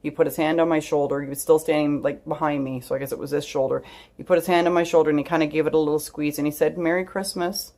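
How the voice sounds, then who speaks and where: A woman's voice: low-pitched, darkish tone. A woman vlogger telling a personal story straight to camera in a candid, chatty way, swearing freely and laughing through tears. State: tearful.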